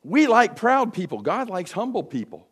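A man's voice: high voice, normal speed, breathy edge. A man preaching a sermon, acting out the voices of the people he quotes. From United States. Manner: animated, acts out quoted voices. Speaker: pastor.

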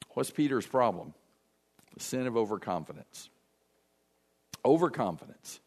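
A man preaching a sermon, acting out the voices of the people he quotes. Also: mid-range voice. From United States. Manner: animated, acts out quoted voices. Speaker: pastor.

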